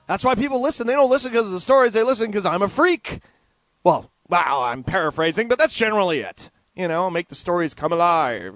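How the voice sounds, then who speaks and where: Guy hosting his own news show, high pitched, animated and sarcastic, real dry sound. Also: a little fast, no room sound. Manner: animated and sardonic, shifting between shouts and mutters. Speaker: podcast host. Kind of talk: casual news commentary.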